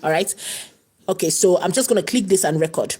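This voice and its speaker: A woman's voice: on the low side, a little fast, mellow, breathy edge. Chatty woman teaching a live class. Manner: chatty, repeats herself, fillers like "you know". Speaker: tutor hosting a live class. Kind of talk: live tutorial.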